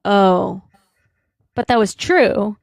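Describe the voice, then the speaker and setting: A woman's voice: mid-range voice, animated, extremely slow, vocal fry. A woman hosting a livestream, reading news aloud and giving casual political commentary. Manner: conversational, hesitant with fillers.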